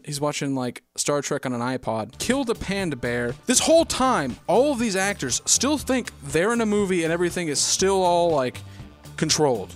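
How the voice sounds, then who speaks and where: A man's voice: on the high side, fairly bright tone. Profane rambling man recapping a movie. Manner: rambling, swears a lot, acts out quotes in silly voices.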